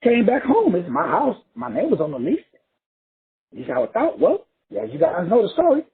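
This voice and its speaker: A man's voice: high-pitched, wildly swooping pitch, moderate pace, slightly rough. A man from Texas giving a profane, emphatic motivational monologue, repeating phrases for effect. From Texas, USA. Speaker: motivational speaker. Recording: tinny phone-like audio.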